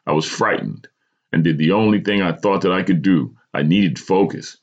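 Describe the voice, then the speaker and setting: On a dull, lo-fi recording, a man hosting a podcast dramatically reads out a personal story, stumbling slightly now and then. His voice sits low, and he keeps a moderate pace.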